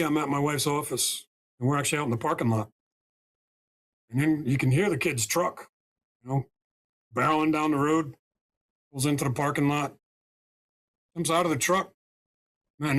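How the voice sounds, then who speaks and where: A man's voice: fairly high pitch, normal speed, long pauses, a bit bright. A man from the United States telling a story as a podcast guest and spiritual healer, emphatic and often checking in with "right?" and "okay?".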